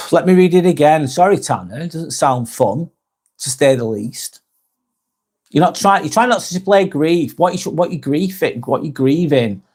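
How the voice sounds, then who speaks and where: A man's voice: a little high, expressive, normal speed, darkish tone. Chatty Northwest English man streaming. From Northwest England. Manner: chatty, swears casually, reads viewer comments aloud. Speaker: live vlog host reading chat. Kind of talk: casual livestream chat.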